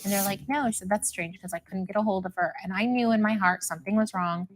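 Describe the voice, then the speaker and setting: A woman's voice: mid-range voice, quick pace, low-quality recording. Woman, grieving parent in an interview, plain-spoken, quotes dialogue, slight hiss under the voice. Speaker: mother of a missing daughter, interviewee. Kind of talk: emotional recounting in an interview.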